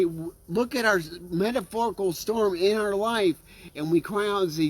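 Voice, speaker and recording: Speaking at a normal speed in a voice that sits high, this man delivers an earnest sermon. He restarts phrases often and keeps engaging his audience with repeated "okay?" and "right?"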